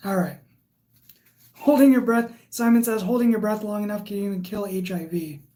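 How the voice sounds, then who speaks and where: A woman's voice: mid-range voice, moderate pace, dark tone. A woman hosting a casual livestream, reading viewer comments aloud and chatting in a rambling way. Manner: chatty and rambling, with frequent fillers. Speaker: livestream host.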